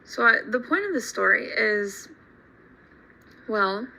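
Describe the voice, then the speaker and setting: A woman teacher telling a story to her class in an animated, emphatic way. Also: fairly high pitch, slow pace, creaky, slight background noise, poor audio. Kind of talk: storytelling lesson.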